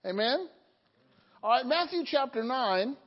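A woman preaching in a high voice with an unhurried, drawn-out delivery. She keeps quizzing the congregation and slipping in jokes. The recording sounds dull and lo-fi, with a long reverb from the hall. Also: lively intonation. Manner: asks the congregation questions, joking asides. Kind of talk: sermon.

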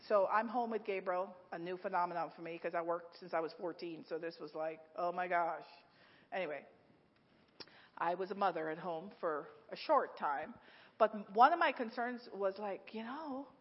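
A middle-aged woman preaching a sermon at her church, telling stories in a lively way with frequent laughs and lots of "like". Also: fairly high pitch. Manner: lively storytelling, laughs often, many "like"s. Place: church sanctuary. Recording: echoey hall, dull lo-fi sound.

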